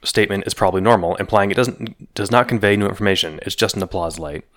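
A man's voice: fairly low pitch, quick pace, fairly bright tone. A man co-hosting a podcast, talking loosely in casual chat, often trailing off and restarting his thoughts. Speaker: podcast co-host. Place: Colorado.

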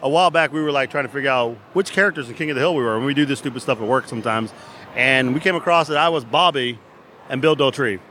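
A man co-hosting a podcast, chatting excitedly and enthusiastically. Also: mid-range voice, fast, a little hiss or hum. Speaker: podcast co-host. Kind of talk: excited casual chat.

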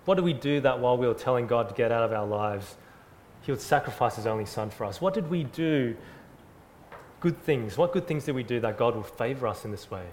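A man preaching a sermon, earnest and emphatic, repeating phrases and swinging from loud to soft. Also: mid-range voice, expressive, a little fast, slight background noise. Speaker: pastor.

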